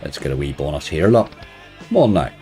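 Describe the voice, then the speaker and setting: A man's voice: extremely low pitch, lively intonation, a little fast, soft background music. A man chatting casually on a live stream, greeting viewers and joking wryly while he plays. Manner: wry, laughs softly at his own remarks.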